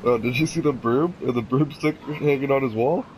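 A young man hosting casual gameplay commentary, excitable and profane, easily spooked. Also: medium pitch, moderate pace, a little hiss or hum, low-quality recording. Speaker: gaming channel host.

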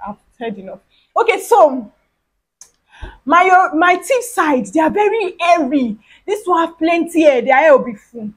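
A woman with a Nigerian accent, a vlogger telling a lively story from her childhood and acting out the dialogue with big swings in pitch. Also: slightly rough, rough recording. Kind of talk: storytime vlog.

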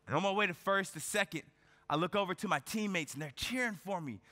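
A man's voice: high-pitched, fast talker, sharp tone. A man giving a motivational keynote speech on stage, telling a personal story with rhetorical questions and frequent checks of "right?". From United States. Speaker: keynote speaker. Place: large event hall on stage. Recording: reverberant conference hall.

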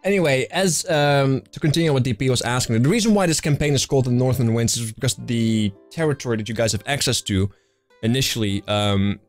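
A man's voice: mid-range voice, fairly quick. A young man running a tabletop game, chatting casually on a live stream and rambling through fillers and restarts. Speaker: game master. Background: faint fantasy music.

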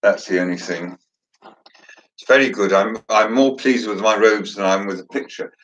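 A man's voice: lowish voice, moderate pace, fairly bright tone, lo-fi sound. A man hosting a casual chat, joking and chatty with theatrical asides. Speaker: host.

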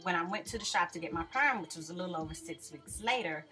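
A woman's voice: fairly low pitch, lively intonation, fast talker, sharp tone. A woman chatting casually about her hair in a home vlog, friendly and rambling. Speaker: beauty vlogger.

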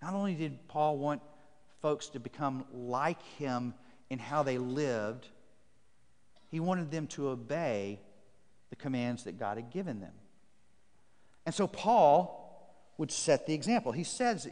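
A man's voice: on the high side, expressive, unhurried, pauses often, a little mellow. A man preaching a sermon as pastor to his congregation, building emphatic repeated phrases and reading scripture aloud. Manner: emphatic, repetitive preaching cadence. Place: church sanctuary. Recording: long church reverb.

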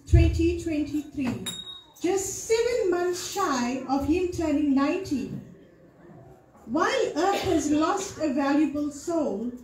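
A woman's voice: sits high, mellow, a little hiss or hum. A middle-aged woman from Africa, giving an earnest, emotional memorial speech for her father in a temple hall. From South Africa. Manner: emotional, earnest, carefully measured delivery. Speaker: daughter giving a eulogy. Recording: echoey hall sound.

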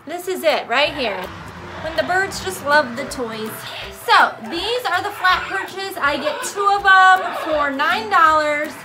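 High-pitched woman, slow chatty bird vlogger. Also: crowd noise, poor audio. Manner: chatty, coos baby talk to her birds. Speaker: parrot rescue founder and vlogger. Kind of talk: casual product show-and-tell vlog. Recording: background music.

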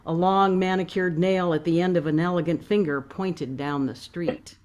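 A woman author reading her novel aloud in a measured, expressive way. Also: lowish voice.

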